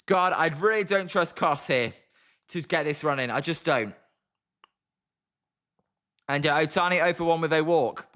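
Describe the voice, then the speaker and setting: Young British man, fairly high voice, quick and chatty live stream commentator. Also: fairly bright tone. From Britain. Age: young adult. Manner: fast-talking, chatty. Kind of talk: live watch-along commentary and chat replies.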